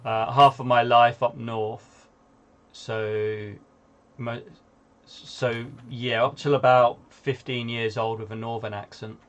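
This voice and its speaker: Man, mixed northern english accent with slight australian twang, casual chat, soft trailing delivery, mid pitch. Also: level tone, slow, muffled recording. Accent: mixed Northern English with some Australian twang. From UK, Manchester. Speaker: player.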